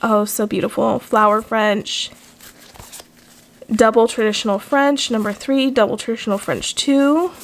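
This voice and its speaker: Woman, young adult, higher-pitched, enthusiastic, casual unboxing chat. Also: steady tone, measured pace. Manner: gushing, enthusiastic, many fillers. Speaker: nail artist unboxing products.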